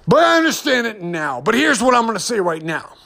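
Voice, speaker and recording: A man's voice: high-pitched, big pitch swings, a little fast, gravelly, sharp tone. A man hosting his own podcast, talking off the cuff in a rambling monologue, upset and full of restarts. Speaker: podcast host. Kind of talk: unscripted personal monologue.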